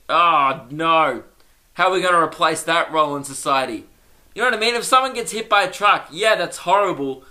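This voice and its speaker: A man's voice: a little high, sharp tone. A young man hosting a solo comedy podcast, rambling and self-mocking and laughing at his own jokes.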